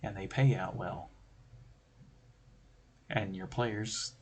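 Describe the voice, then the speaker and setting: A man's voice: fairly low pitch, fairly even intonation, slow pace, a little hiss or hum. A man hosting a stream, explaining tabletop game design in a rambling, conversational way with joking asides. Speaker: stream host.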